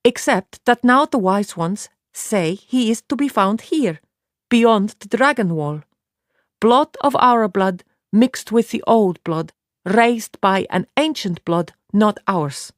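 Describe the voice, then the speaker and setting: A woman's voice: mid-range voice, lively intonation, no room sound, clean studio sound, voice pushed up. A woman reading an audiobook, voicing a blunt, matter-of-fact young warrior woman in a raised voice. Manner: plain, measured, matter-of-fact.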